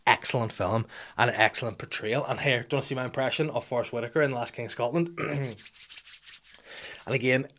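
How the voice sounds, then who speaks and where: A man rants through a comedic monologue in an ordinary middle-pitched voice. He is irreverent and sweary, chuckling at his own jokes as he goes. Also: quick pace, fairly bright tone, slight background noise. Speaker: host.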